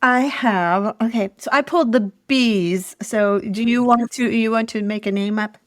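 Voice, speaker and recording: A woman's voice: a little high, moderate pace. A woman co-hosting a podcast, telling stories in an easygoing, laughing chat. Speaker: podcast co-host, former escort. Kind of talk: casual storytelling chat.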